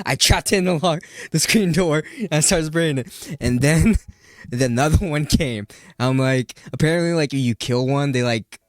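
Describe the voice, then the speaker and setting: A man's voice: on the high side, moderate pace, no echo, studio quality. A man co-hosting a podcast, telling stories in a brash, laughing, casual way. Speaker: podcast co-host. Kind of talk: casual chat.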